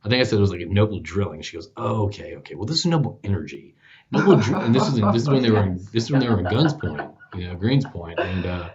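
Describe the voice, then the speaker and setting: Low-voiced man rambling through a story. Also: expressive, quick pace, hardly any pauses, over a noisy crowd. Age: 40s. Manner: rambling, filler-heavy, acts out dialogue. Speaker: podcast host as guest. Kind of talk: casual storytelling interview. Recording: dull lo-fi podcast audio.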